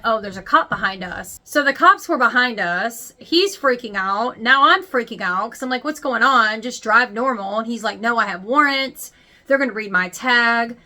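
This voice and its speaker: A woman's voice: a little high, sharp tone. A woman vlogger telling a personal story straight to camera in a candid, chatty and emphatic way. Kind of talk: confessional storytime.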